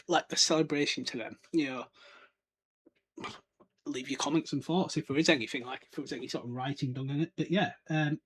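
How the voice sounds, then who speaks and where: A man's voice: fairly high pitch, a bit bright, slightly rough. A man hosting a podcast, chatting casually through a book chapter, laughing often and slipping into silly character voices. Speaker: podcast host. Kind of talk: casual book breakdown chat.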